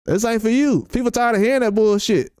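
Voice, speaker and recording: A man with a high, smooth, resonant voice delivers a blunt, profane rant on his boxing live stream. He hammers the same points again and again. The sound is dry and close, with no room echo. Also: brisk, darkish tone. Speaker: boxing YouTuber host.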